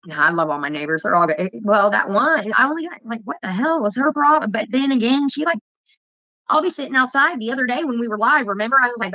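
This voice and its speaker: A woman rants through a casual livestream, swearing as she tells her stories. Her voice is bright and sharp, and it sits a little high. The sound is dull and lo-fi, with a dry, close feel. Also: lively intonation, fast, no echo. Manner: profane, heated storytelling. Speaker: vlogger.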